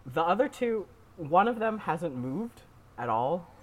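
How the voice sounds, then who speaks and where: Man as game master, casual and lively in pitch. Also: unhurried. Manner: casual, filler-heavy narration. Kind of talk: tabletop game narration over voice chat.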